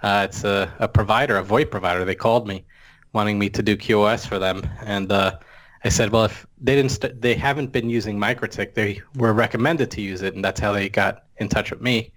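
A man with a fairly low voice chats on a tech podcast. He is easygoing and laughs often as he talks. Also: fairly even intonation, brisk, a bit bright. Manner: chatty, laughs easily. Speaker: podcast co-host. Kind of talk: casual tech chat.

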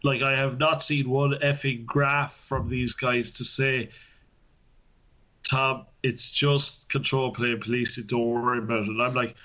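A man's voice: mid-range voice, level tone, a little slow, sharp tone. A man, a network engineer, tells a workplace story in loose casual chat. His voice sits mid-range, and he swears freely and laughs through it.

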